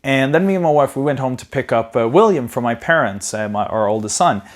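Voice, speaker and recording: Man telling his story, chatty and animated. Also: mid-range voice, brisk. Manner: conversational, frequent "you know" and restarts. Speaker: property investing educator. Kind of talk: personal storytelling talk.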